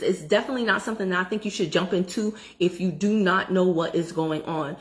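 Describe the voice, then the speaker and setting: A middle-aged woman telling a personal story to her viewers in a casual, animated way, talking straight to the audience. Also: fairly low pitch, fast, hardly any pauses. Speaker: credit education vlogger. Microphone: phone.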